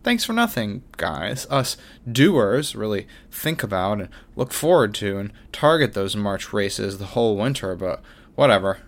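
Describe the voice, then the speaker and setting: A man's voice: lowish voice, measured pace. A man hosting his own sports podcast, reading a wry, self-mocking script with jokey asides. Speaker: podcast host. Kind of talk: scripted monologue.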